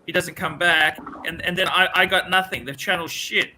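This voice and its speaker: Profane, rambling man with a bright voice. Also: sits high, fairly even intonation, normal speed, slight background noise. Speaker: livestream host. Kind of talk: casual livestream chat.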